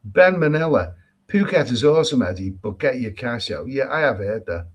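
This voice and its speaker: The speaker is a travel vlogger from England running a casual live stream on a Thai island, where he reads comments aloud and responds with lots of repetition, restarts, and emphatic views. His mid-range voice is animated and slightly rough at a normal speed, though the audio is dull.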